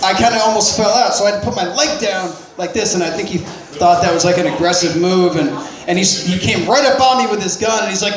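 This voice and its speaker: A man's voice: high voice, quick pace, roomy sound, poor audio. A man telling a personal story in a casual, profane, self-deprecating way, with lots of restarts.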